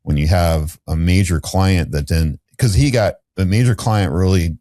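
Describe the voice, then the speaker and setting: A man's voice: low voice, moderate pace, warm tone, dry recording, clean studio sound. A middle-aged man, a podcast guest, telling a candid story in a rambling way with restarts and fillers.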